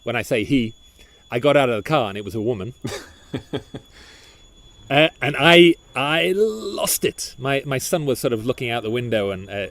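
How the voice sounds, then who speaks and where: Animated man telling a story. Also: medium pitch. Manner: animated storyteller, frequent restarts and repeated words. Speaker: podcast co-host. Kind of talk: casual chat, telling a story.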